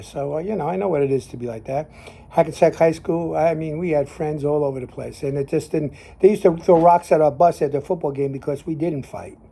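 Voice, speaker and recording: A man's voice: fairly high pitch, mellow. An older man from New Jersey with a Jersey accent, talking in a casual, rambling monologue full of fillers. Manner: rambling, repeats himself, trails off in fillers. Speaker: host.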